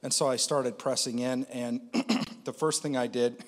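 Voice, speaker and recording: A man's voice: mid-range voice, fairly even intonation, a little slow. Man telling a testimony, hall reverb. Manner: conversational, with frequent fillers. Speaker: Christian speaker. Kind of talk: personal testimony.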